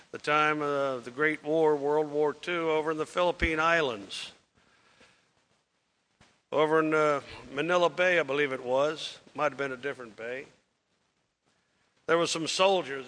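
A man's voice: a little high, sharp tone. A man preaching to a congregation, telling a folksy, rambling story with plenty of fillers and acting out the characters' lines. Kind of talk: sermon storytelling.

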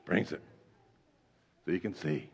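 A male pastor preaching a sermon, swinging from hushed storytelling to shouted exhortation. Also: low-pitched, a little slow, gravelly, breathy edge, long reverb tail. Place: church sanctuary.

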